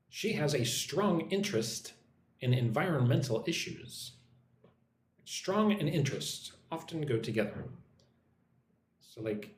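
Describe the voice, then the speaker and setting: Man, English teacher, live lesson, animated pitch, slightly high voice, roomy echo, faint background hum. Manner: models pronunciation slowly, reads chat comments aloud.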